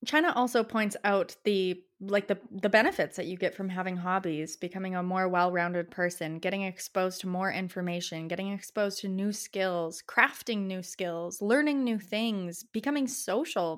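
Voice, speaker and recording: A young Canadian woman with a Canadian accent, hosting a casual solo podcast, talking passionately and chattily with a pitch that rises at the ends of phrases. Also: normal speed, few pauses. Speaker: podcast host.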